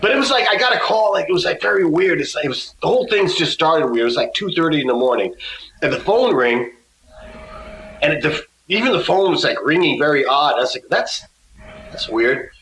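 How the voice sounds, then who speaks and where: A man's voice: fairly high pitch, animated, fast, a bit bright, reverberant, a little hiss or hum, poor audio. A man guesting on an interview, telling stories in a casual way and acting out the other people's lines. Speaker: musician guest.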